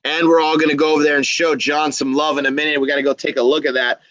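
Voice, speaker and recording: Upbeat male stream host, slightly high voice, dry close sound, chatty. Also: level tone, quick pace, a bit bright, no echo, highs cut off. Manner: upbeat, enthusiastic, reads chat aloud. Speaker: livestream host. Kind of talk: casual livestream chat.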